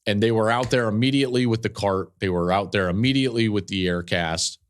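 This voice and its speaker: A man's voice: lowish voice, a little fast. A man hosting a podcast, telling a story in an earnest, emotional way with fillers and repeated phrases. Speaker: podcast host and football analyst.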